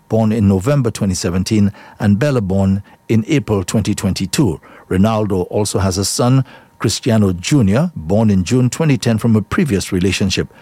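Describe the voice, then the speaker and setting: Low, mellow male newsreader. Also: dry recording. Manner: steady, measured delivery. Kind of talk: scripted news reading.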